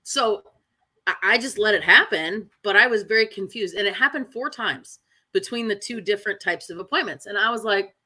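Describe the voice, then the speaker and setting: A woman dog trainer talking candidly in casual chat, often tagging her sentences with "right?" and filling pauses with "um". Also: medium pitch, sharp tone. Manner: candid, frequent fillers and "right?" tags.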